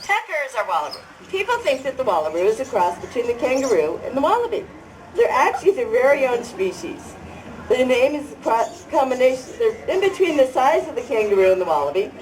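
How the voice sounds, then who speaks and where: A woman's voice: a little high, big pitch swings, brisk, darkish tone. A woman presenting a live animal show to a fair audience, chatty and leading the crowd in cheers, recorded on a noisy outdoor fairground.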